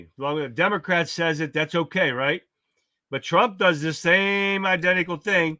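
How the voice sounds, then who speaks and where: A man's voice: a little high, sharp tone, no room sound. A man hosting a casual political livestream, talking bluntly, swearing and greeting chat viewers by name. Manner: blunt, swearing, reads chat comments aloud. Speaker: livestream host.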